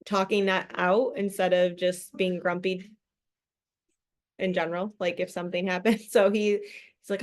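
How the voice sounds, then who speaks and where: Woman book club host, lively and laugh-prone, acts out the voices she quotes, middle pitch, video call. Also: normal speed. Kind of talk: casual group chat.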